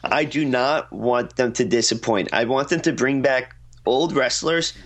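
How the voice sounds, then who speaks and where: A man's voice: mid-range voice, unhurried. A young man co-hosting a casual podcast chat, eagerly offering hopes and suggestions, often starting with hesitant fillers. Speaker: podcast co-host.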